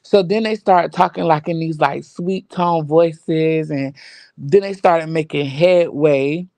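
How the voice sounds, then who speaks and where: A woman joining a casual online talk show, retelling a livestream feud in an animated storytelling way. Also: deep voice, takes it slowly, no echo. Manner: animated storytelling, quoting others. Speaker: co-host filling in on the story. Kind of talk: casual gossip recap.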